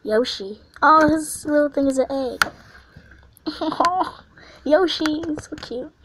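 A woman giving casual commentary over a video game, swinging between quiet mumbling and excited squeals and panicked shouts. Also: high voice, takes it slowly, slight background noise, rough recording. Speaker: gameplay video host.

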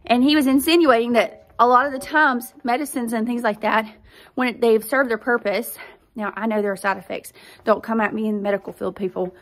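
A woman's voice: fairly high pitch, fairly even intonation, fairly quick, a bit bright. Earnest woman sharing a personal story. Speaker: podcast host; mother. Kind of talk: personal faith testimony.

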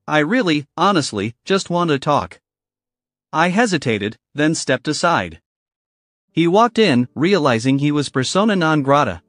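Guy reading a personal story, slightly high voice, dry close mic, soft music behind. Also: no echo. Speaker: story narrator. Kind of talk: scripted first-person story narration.

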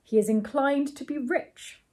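A woman voicing a fussy, bashful older gentleman in a storybook reading, polite and hesitant, sometimes whispering. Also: sits high, unhurried, voice pushed up. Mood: genteel. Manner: hesitant, polite, drops to a whisper when nervous.

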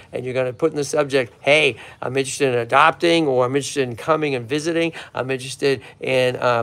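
Excitable Massachusetts man with a gravelly voice. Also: mid-range voice. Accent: Boston-area Massachusetts. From Lowell, Massachusetts. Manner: chatty and excitable, addresses viewers and animals. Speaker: tortoise sanctuary host. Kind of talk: casual livestream talk. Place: outdoors at a tortoise yard. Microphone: handheld phone camera, filming himself.

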